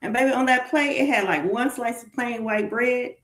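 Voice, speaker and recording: Guest: Southern woman, lively, laughing, rambling, slightly high voice, echoey room. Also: normal speed. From Southern United States. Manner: animated, laughing, rambling with fillers. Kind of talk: casual chat. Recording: roomy echo.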